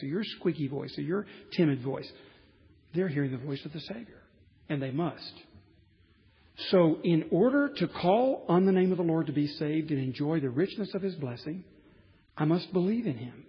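A man with a high voice preaching a sermon in a church sanctuary. He talks conversationally, rising to emphatic points with the odd wry aside. The sound rings with long reverb and is muffled.

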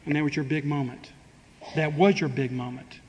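A man with a somewhat high voice preaches to his congregation in a relaxed, talky way, full of rhetorical questions. His words carry a long reverb from a large hall, and a faint ambient hiss sits underneath. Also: normal speed. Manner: acts out quoted speech with humor. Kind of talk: sermon.

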